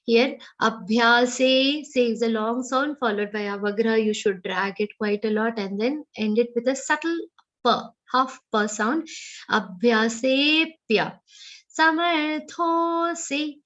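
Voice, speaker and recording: Indian woman, recitation teacher, high voice, unhurried, lo-fi class audio. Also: fairly even intonation, a bit bright. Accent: Indian English. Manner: chants verses slowly, then explains pronunciation briskly. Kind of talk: online pronunciation class. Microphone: video call.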